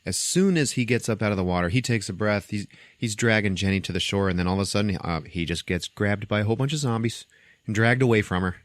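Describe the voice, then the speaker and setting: Man, podcast host, deep voice, casual movie recap, acts out scenes, dry close mic. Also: fast, no room sound. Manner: animated storytelling, acting out scenes.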